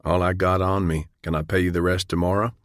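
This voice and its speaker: Man narrator voicing a pained, grumbling patient; higher and strained, dry close read. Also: little pitch movement, fairly quick, dry recording, close to an everyday voice. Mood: weary. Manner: strained, complaining. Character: exasperated man in dental pain.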